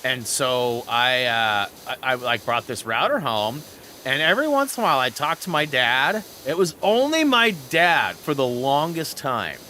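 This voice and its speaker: Bright-voiced man rambling over gameplay. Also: medium pitch, moderate pace, slight background noise. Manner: rambling storyteller, animated, reads chat aloud. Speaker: gaming channel host. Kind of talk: chatty gameplay commentary. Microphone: headset.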